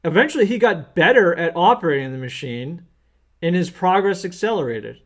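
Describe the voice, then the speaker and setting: A man's voice: high voice, lively intonation, fairly quick. A man who works as an accountant, teaching small business owners through an earnest, plain-spoken story. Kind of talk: storytelling lesson.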